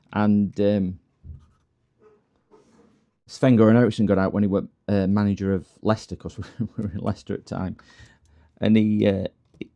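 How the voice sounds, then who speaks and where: Gravelly, dark-voiced man. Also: lowish voice. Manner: rambling, stop-start storytelling with frequent laughs and restarts. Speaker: streamer doing repairs. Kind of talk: casual chat while working. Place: workbench at home.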